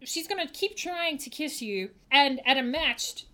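A woman's voice: sits high, animated, measured pace, sharp tone. A young woman narrating as game master of a tabletop game, playful and teasing.

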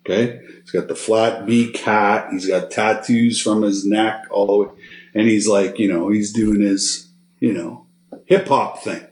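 Low-voiced man telling a story in a roomy space. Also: measured pace, slight background noise. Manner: animated storyteller, checks in with "okay?" and "right?". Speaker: interview guest. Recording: roomy echo.

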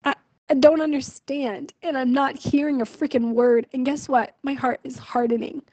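A woman's voice: high-pitched, steady tone, normal speed, a little mellow, no room sound, muffled recording. A young woman venting her frustration in a personal video diary, emotional and full of fillers. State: pregnant. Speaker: vlogger.

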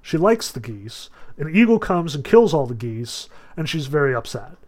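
Brief: male lecturer, casual and talky, fillers everywhere, voice a touch higher than average. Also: very animated, normal speed, darkish tone. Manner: chatty, questioning, heavy with "like" and "you know". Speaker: literature teacher. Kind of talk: casual lecture with read-aloud passages.

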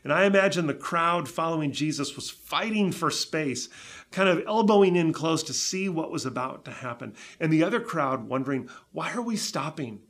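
Animated male preacher telling a story. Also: a little high, normal speed. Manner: animated storytelling, voices the crowd's reactions. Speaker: pastor. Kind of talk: sermon.

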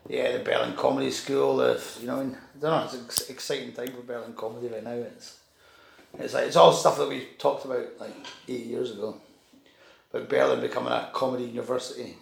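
Recorded in an echoey room, this man speaks a little fast at a medium pitch with little pitch movement, his voice gravelly. His anecdote rambles, full of restarts and swearing, and he performs the voices of the characters in it as he chats casually.

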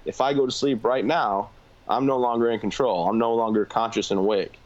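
A man's voice: mid-range voice, steady tone, lo-fi sound. A man, a combat veteran guest, telling his story candidly in a plain-spoken way. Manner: fast, plain-spoken, filler-heavy.

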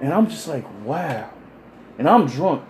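A man telling crude stories in casual chat, animated and acting out the people he quotes. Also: high voice, normal speed, slight background noise. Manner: animated, acts out quoted voices. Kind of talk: casual profane storytelling.

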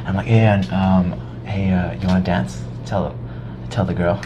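A young man telling a high school story in casual chat, animated, swearing often and acting out his past self. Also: moderate pace, noisy background.

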